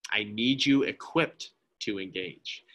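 A man's voice: lowish voice, slow pace, creaky, a bit bright, breathy edge. A man giving an impassioned pro-life talk at a church, speaking emphatically, often asking "right?" and addressing the listeners as friends.

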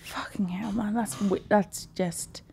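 A woman's voice: mid-range voice, steady tone, slow pace, gravelly, a little mellow, husky, no echo, in a whisper. A woman, a podcast guest, chatting and sounding squeamish and exasperated. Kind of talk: casual comedic chat.

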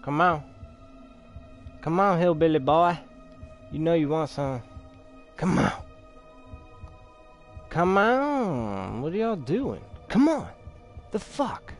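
Slow-talking, taunting let's play host, a man. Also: fairly high pitch, very animated, gravelly, faint music behind. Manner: taunting, trash-talking, laughing at enemies. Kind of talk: gameplay commentary.

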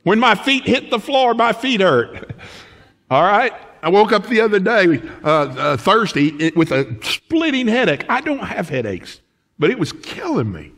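A man's voice: high-pitched, unhurried. A middle-aged man, preaching a folksy sermon as pastor of his church. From United States. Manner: lively, folksy preaching with laughs and quoted asides. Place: church sanctuary.

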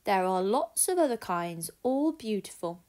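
Woman doing a big black cat, soft coaxing voice, dreamy, storybook, lively pitch. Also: unhurried. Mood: gentle.

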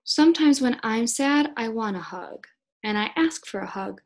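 A young woman in her twenties giving a children's read-aloud lesson, speaking gently and encouragingly to young kids. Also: a little high, lively intonation, moderate pace. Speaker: speech-language pathology student teacher.

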